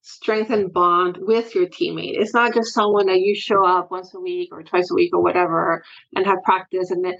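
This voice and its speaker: A woman's voice: lowish voice, level tone, normal speed, gravelly, fairly bright tone, lo-fi sound. A woman guest talking earnestly and emotionally about her experience as a sports parent in a candid interview.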